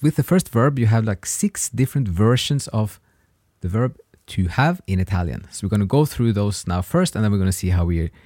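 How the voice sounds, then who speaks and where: Male podcast teacher, patient and slow with examples, animated pitch, dry sound. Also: no room sound. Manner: patient, repeats words slowly for learners. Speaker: language teacher, podcast host. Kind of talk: casual podcast lesson.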